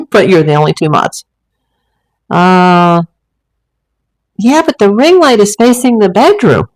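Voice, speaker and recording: Lady doing a casual home livestream, lowish voice, chatty and rambly with lots of ums. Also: poor audio. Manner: rambling and chatty, with many fillers. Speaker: livestream host. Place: home room with a green screen and ring light.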